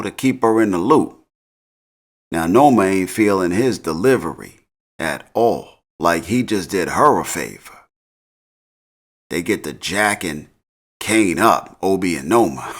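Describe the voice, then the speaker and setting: A man casually recapping a TV episode in slang, laughing often. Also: fairly low pitch. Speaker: TV recap host.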